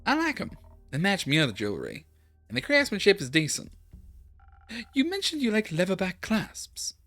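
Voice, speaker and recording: A streamer voicing a gruff, blunt woman who is a regular at a fantasy tavern in a video game. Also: medium pitch, wildly swooping pitch, moderate pace, fairly bright tone, faint music behind, voice pushed up, exaggerated voice. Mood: dry. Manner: blunt, curt, dry. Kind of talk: voicing game characters while playing.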